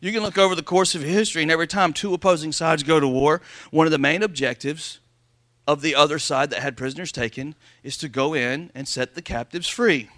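A man preaching a sermon as pastor to his congregation, calling for amens and reading scripture slowly and loudly. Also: a little high, fairly even intonation, no room sound. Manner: preaching with call-and-response, slowing and rising to read scripture. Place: church sanctuary before a congregation.

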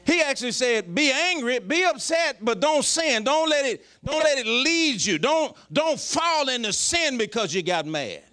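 A pastor preaching a folksy, joking sermon. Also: male voice, extremely high pitch, sing-song, a little slow, few pauses, bright, forceful tone.

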